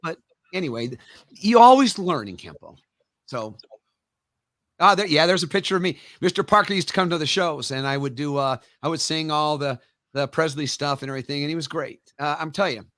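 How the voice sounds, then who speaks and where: A man's voice: fairly high pitch, fairly quick, no room sound. A middle-aged man, a karate master and interview guest, telling emphatic stories in a casual interview. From United States. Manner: animated, emphatic anecdotes.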